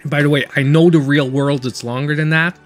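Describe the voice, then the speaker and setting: A man's voice: a little high, steady tone, a little fast, soft background music. A man with a Canadian accent giving casual, rambling let's-play commentary as a gaming channel host. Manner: rambling, filler-heavy chatter.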